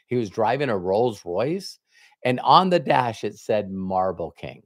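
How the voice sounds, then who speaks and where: A man's voice: fairly low pitch, lively intonation, unhurried, no room sound, clean studio sound. A middle-aged man giving a motivational business talk, telling a story and acting out both sides of a conversation. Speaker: network marketing trainer. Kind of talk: motivational talk with retold dialogue.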